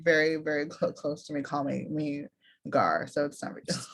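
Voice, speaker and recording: A woman's voice: low-pitched, steady tone, fairly quick. A woman guest on a video call, chatting casually and playfully, often laughing and repeating words. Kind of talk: casual chat.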